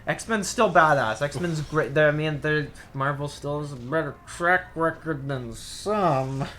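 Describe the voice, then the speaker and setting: A young man co-hosting a casual movie review chat, blunt and profane, shifting from flat mutters to loud outbursts. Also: on the high side, unhurried, a little hiss or hum. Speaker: podcast co-host.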